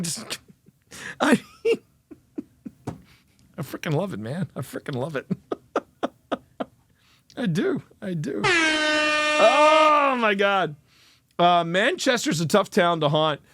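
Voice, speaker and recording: A male host reacting to clips in casual commentary, animated, laughing often and restarting sentences. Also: sits high, no echo, clean studio sound.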